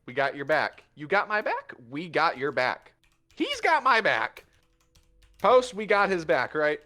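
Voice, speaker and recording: A man's voice: sing-song, measured pace, sharp tone, exaggerated voice. A man voicing a boastful, swaggering male cat rogue who preens and exclaims. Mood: eager. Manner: preening, overexcited, high squeaky exclamations.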